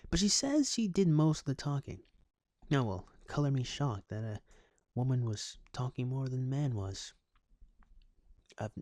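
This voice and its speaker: Sarcastic man with a dark voice. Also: mid-range voice, no echo. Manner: sarcastic, deadpan asides between read passages. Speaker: commentary YouTuber. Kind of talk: reading a news article aloud with comic commentary.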